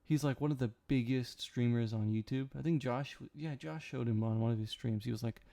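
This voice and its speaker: A man's voice: mid-range voice, brisk, vocal fry, dark tone. A young man, sleepy, rambling and joking with his chat during a casual late-night stream. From Canada.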